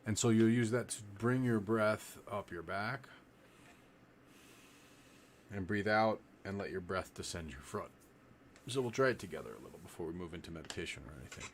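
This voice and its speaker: A man with a very low voice guides a breathing exercise over a live stream. He talks in a loose, rambling way, demonstrating as he explains. A faint hiss sits under the recording. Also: moderate pace, pauses often. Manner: relaxed, rambling, demonstrates while talking. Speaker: livestream meditation teacher. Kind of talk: casual live-stream instruction.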